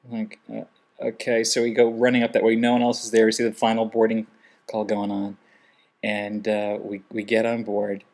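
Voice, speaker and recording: A man's voice: fairly low pitch, completely flat delivery, moderate pace, darkish tone. A man vlogging casually, telling a humorous travel story and acting out what people said. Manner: humorous, acts out quoted lines in other voices.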